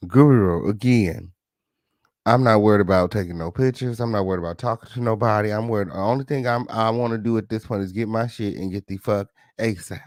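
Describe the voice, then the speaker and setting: A man's voice: on the low side, a little fast, no room sound, studio quality. A man hosting a gossip show, reacting to a clip with profane, mocking commentary. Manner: profane, mocking, loud laughs.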